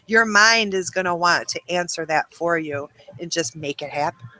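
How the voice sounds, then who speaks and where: A woman's voice: lowish voice, steady tone, moderate pace, sharp tone. A woman hosting a webinar in a casual, rambling way, full of ums and you-knows. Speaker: webinar host.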